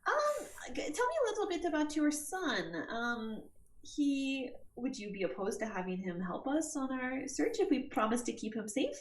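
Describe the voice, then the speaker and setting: A woman's voice: high voice, very animated, normal speed. A woman player questioning a character at a game table, hesitant and full of fillers. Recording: roomy echo.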